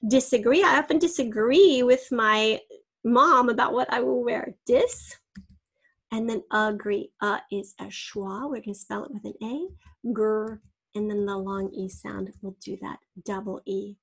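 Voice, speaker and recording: A woman with a fairly high, breathy voice teaches a spelling lesson. She sounds words out syllable by syllable with patient care. Now and then she drops to a soft near whisper for a quick aside. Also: steady tone.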